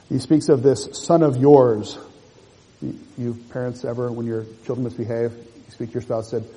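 A man's voice: mid-range voice, mellow, breathy edge, big-room sound, rough recording. A man preaching a sermon, working through a passage verse by verse and explaining it to the congregation. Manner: measured expository preaching, rereads and explains verses. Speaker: pastor.

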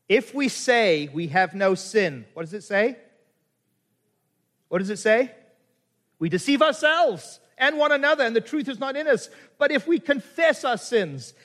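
A man's voice: high-pitched, a bit bright, big-room sound. A middle-aged male pastor preaching a conversational sermon, firing rhetorical questions at his congregation. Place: church.

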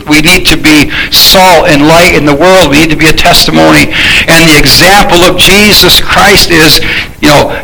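A man's voice: a little high, pushed and bright, a little hiss or hum, poor audio. A man preaching a sermon in a conversational teaching manner, reading Bible verses and then explaining them while asking his listeners questions.

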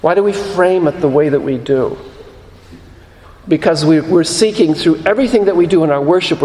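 A man preaching a sermon as pastor, earnest, repeating phrases for emphasis and slowing down on key lines. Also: a little high, a little mellow. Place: church sanctuary. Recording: echoey hall.

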